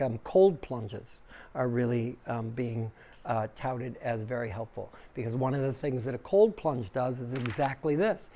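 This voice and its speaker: A man gives a relaxed spoken talk on yoga breathing to a small group in a room. His delivery is casual and chatty, with the plain middle pitch of an everyday male voice, and he answers listeners' questions as he goes. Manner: casual and conversational, acts out inner voices loudly with big pitch jumps. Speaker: yoga teacher giving a dharma talk. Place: small room with a live audience.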